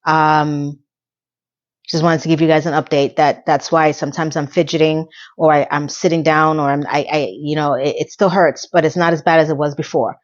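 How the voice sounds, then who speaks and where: A woman's voice: sits low, fairly even intonation, moderate pace, muffled recording. A woman vlogger talking candidly and emotionally to her viewers, sometimes close to tears. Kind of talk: personal vlog talk.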